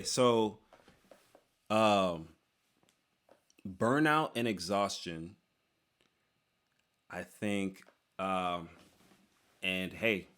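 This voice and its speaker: A young man with a slightly low voice chats loosely while reading out and answering viewer questions. He jokes a lot, leans on "dude" and "like", and often restarts his sentences mid-thought. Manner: loose and joking, lots of "dude" and "like", trails off and restarts. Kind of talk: casual Q&A chat.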